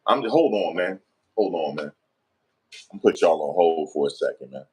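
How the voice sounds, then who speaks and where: A man doing casual vlog commentary, animated and slangy, repeatedly pleading with viewers for likes. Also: low voice, moderate pace. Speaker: online commentator.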